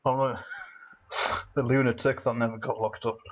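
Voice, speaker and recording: A man's voice: medium pitch, breathy edge, dull audio. A man doing casual gameplay commentary with a cold, rambling in a manic way and laughing often. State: has a cold. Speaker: let's play commentator.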